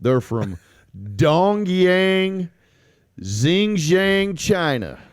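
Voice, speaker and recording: A man co-hosts a podcast in a playful, teasing way. His pitch swings widely and sits a little high, and he talks slowly. The sound is close and dry. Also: very animated, smooth, no room sound. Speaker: podcast co-host. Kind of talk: casual podcast chat.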